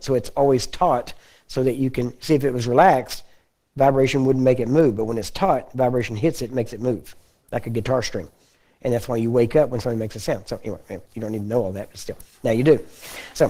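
A man with a Texan accent preaching a folksy, conversational sermon and often clearing his throat. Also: medium pitch, warm tone. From Texas.

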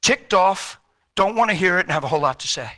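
A male preacher delivering a fervent, exhorting sermon, rising to shouts and then falling low and intense. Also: expressive, fast.

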